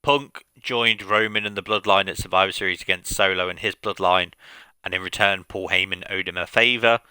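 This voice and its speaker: Man with a bright, tense, dry voice. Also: sits low, fairly even intonation, a little fast, clean tone, no room sound. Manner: rambling recap with frequent fillers. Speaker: game streamer. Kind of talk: casual stream commentary.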